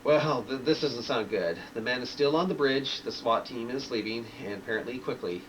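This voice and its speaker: A man's voice: medium pitch, normal speed, distant mic, slight background noise, natural voice, rough recording. A man voicing a rambling male late-night radio talk host who stammers and restarts his phrases, reading from a story. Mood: worried.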